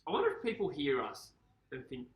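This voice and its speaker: A man's voice: mid-range voice, huge pitch swings. A young man with a mild Australian accent, co-hosting a casual live stream over a football game and reading out viewer comments. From Perth, Australia. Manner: chatty, reads viewer comments, quick laughs. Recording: echoey room.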